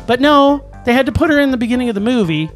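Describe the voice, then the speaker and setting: A young adult co-host in a casual movie review chat, talking in an animated, ranting way with quick restarts. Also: medium pitch, faint music behind. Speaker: podcast co-host.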